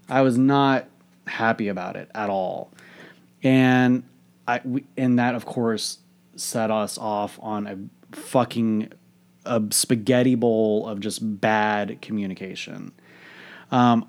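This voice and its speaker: A man's voice: medium pitch, unhurried, a little mellow. A man, a coach, telling a candid personal story in a frank, reflective way, swearing freely.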